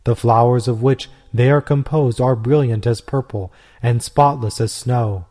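Man doing a fervent young convert guy, slow and solemn, mellow voice. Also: medium pitch, natural voice. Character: young male Christian convert, fervent, earnest. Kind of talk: storybook reading.

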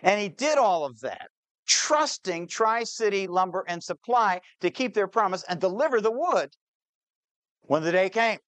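A man telling a true-to-life story to an audience, slowing down on key details and voicing the people in it. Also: high voice, lively intonation, fairly bright tone, dry recording. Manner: shifts pace, slows on key details, plays the people in the story. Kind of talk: dramatic spoken storytelling.

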